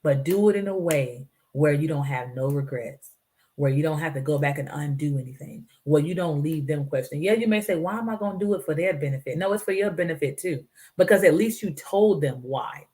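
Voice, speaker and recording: On her own show, a woman with a low, dark-toned voice speaks at normal speed, delivering earnest, preachy motivational advice about life. When she quotes people, she performs their voices.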